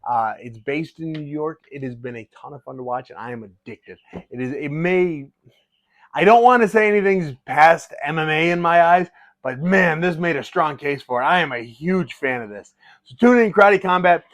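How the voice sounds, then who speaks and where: A middle-aged man who fights for a living talks into the camera in a casual vlog, eager and animated, often tripping over his own sentences. His voice sits a little high for a man. The recording is close and dry, with no room sound. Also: moderate pace, no echo. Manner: excited, animated, restarts often. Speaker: fighter and vlogger.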